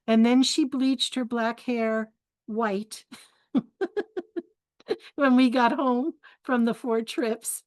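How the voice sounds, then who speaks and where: Older woman host, unhurried, chatty storyteller, dry close sound. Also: a little high, clear, resonant tone, dry recording. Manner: chatty and candid, laughs often, gives life advice. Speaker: spiritual forum host. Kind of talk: storytelling talk.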